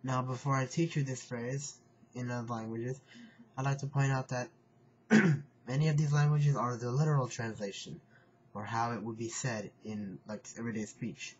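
A man teaching a phrase on his video channel, speaking slowly and carefully, repeating each phrase and clearing his throat now and then. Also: mid-range voice, steady tone. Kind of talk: casual home video lesson. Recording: dull lo-fi home recording, faint hiss.

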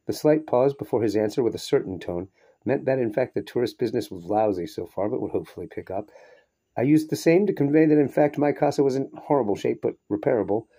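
A man reading a short story aloud in a steady, measured way, now and then breaking off for a brief aside. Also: medium pitch, breathy edge. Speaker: reader. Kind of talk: audiobook narration of a short story.

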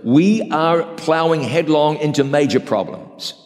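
A man's voice: fairly high pitch, a little slow, a little mellow. A man pastor preaching an emphatic, dramatic sermon and acting out quotes. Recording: reverberant hall.

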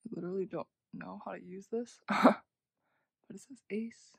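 A young woman casually narrating an unboxing, gushing with frequent gasps and soft half-whispered asides. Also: mid-range voice, fairly even intonation, normal speed, vocal fry, husky, dry recording. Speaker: unboxing vlogger.

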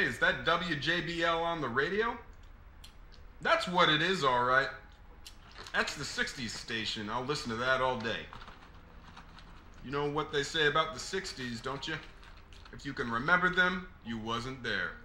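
A man's voice: medium pitch, animated, moderate pace, pauses often, pushed and bright, echoey room, a little hiss or hum. A man voicing a chatty Southern gas station attendant with a put-on Southern US drawl, folksy and rambling.

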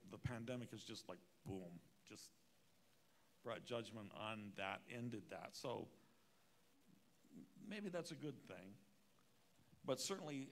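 Wry, gravelly storytelling preacher. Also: male voice, medium pitch. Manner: wry, self-mocking humor. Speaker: conference speaker. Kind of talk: storytelling sermon.

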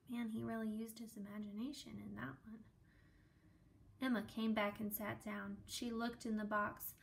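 A woman reading a children's book aloud in a gentle, expressive way, adding small asides. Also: on the high side, moderate pace, gravelly. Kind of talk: storybook read-aloud with asides.

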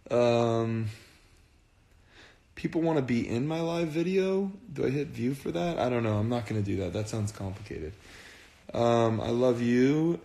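A man's voice: mid-range voice, vocal fry, warm tone, echoey room. A man chatting casually on a phone livestream, earnest and rambling, often repeating himself. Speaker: band frontman on a livestream.

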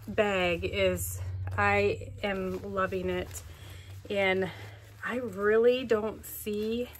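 A woman's voice: mid-range voice, a little hiss or hum. A woman showing off her things in a casual, gushing vlog chat, full of fillers, recorded at home. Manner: chatty, gushing, many fillers. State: out of breath. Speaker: vlogger. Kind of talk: casual show-and-tell chat.

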